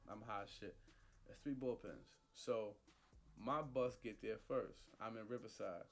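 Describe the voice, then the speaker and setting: A man's voice: fairly low pitch, unhurried, a bit bright. A man casually telling a personal story into a studio microphone, slangy and profane, acting out the people he quotes.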